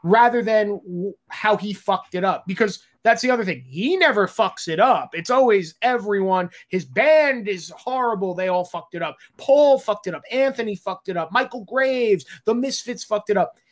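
A man's voice: high voice, moderate pace, hardly any pauses. Blunt, exasperated man telling stories. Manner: blunt, exasperated, swears freely; acts out quoted exchanges. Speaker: film director. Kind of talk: candid interview talk.

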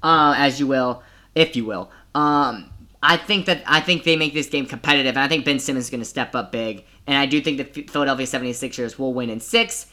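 Bright-voiced young man rambling about sports. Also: medium pitch, brisk. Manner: casual, rambling, many restarts and fillers. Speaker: podcast host. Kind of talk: solo sports podcast commentary.

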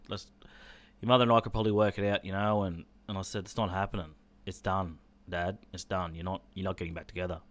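A man telling a personal family story in a candid, casual way, swearing freely and acting out the dialogue. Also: sits low.

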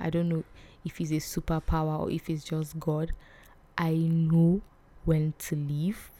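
Soft-spoken young woman. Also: deep voice. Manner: soft and hesitant, often dropping to a whisper, with nervous laughs. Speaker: vlog host. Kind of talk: emotional personal storytelling.

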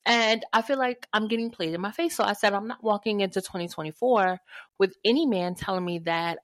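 A woman's voice: medium pitch, moderate pace, no room sound. A woman co-hosting a podcast, telling a dating story in casual chat and acting out what people said. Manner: animated storytelling, acts out quotes. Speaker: podcast co-host.

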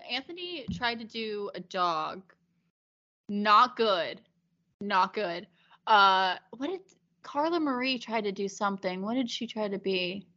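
A woman's voice: medium pitch, slow, dull audio. A young woman asking casual questions as interviewer, enthusiastic and laughing often. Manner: lively, laughs a lot, enthusiastic. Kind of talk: casual chat.

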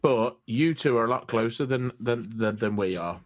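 A man's voice: medium pitch, expressive, normal speed, dull audio. A man co-hosting a casual podcast, teasing the others and laughing often. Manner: giggly, teasing. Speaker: podcast co-host.

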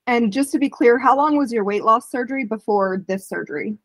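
A woman's voice: on the high side, fairly quick, no echo. Woman podcast host, direct and sympathetic, dry close mic. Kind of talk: interview questions.

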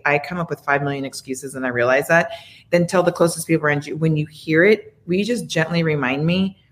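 A woman co-hosting a relationship podcast, talking casually in a thoughtful, advising way. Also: low-pitched. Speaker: podcast co-host.

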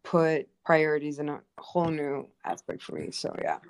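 A woman's voice: low-pitched, moderate pace, vocal fry. A young woman artist of Kurdish background talking casually and expressively, with many fillers. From Kurdish family background. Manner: animated, expressive, lots of fillers. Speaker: art teacher and painter. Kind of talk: casual conversation.

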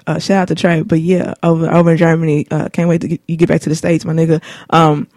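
A woman's voice: deep voice, little pitch movement, quick pace, darkish tone, no room sound, clean studio sound. A woman in her late twenties hosting her own show, telling personal stories in a laid-back, rambling, slangy way with many fillers. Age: late 20s. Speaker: show host. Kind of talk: casual personal storytelling. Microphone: studio mic.

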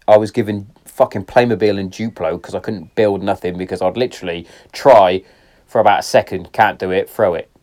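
A middle-aged man hosting a casual solo podcast from his shed, swearing often, going off on tangents, swinging between loud laughing outbursts and quiet reflection. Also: lowish voice. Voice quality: heavy swearing, rambling and tangent-prone. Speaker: podcast host. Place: garden shed.

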